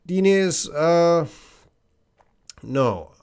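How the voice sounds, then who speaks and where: A man's voice: on the high side, animated, extremely slow, a little mellow, smooth. A man, teaching English on a live stream, chatting casually and often restarting his sentences. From Canada. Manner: casual, restarts often, reads viewer comments aloud.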